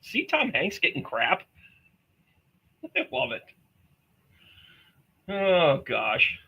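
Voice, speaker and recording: A man's voice: high voice, wildly swooping pitch, extremely slow, gravelly, bright, forceful tone, slightly rough, low-quality recording. A man hosting a psychic medium livestream, talking to viewers in a rambling, chatty way with jokey asides. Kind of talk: casual livestream chat.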